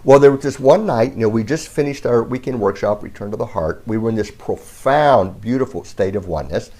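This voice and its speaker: A middle-aged man speaking to the camera as a self-help speaker, telling a personal story in a calm, earnest way. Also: on the low side, fairly quick. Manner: calm, earnest storytelling with lively ups and downs.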